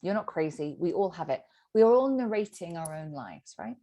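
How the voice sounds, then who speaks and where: A woman's voice: lowish voice, normal speed. A middle-aged woman, a sobriety coach teaching a group session and acting out the inner voice. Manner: animated, acts out inner voices.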